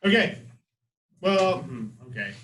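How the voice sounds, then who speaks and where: A man teaching a literature class in a classroom, lively and full of rhetorical questions, often asking "right?". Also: sits high, slow pace, low-quality recording. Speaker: high school literature teacher.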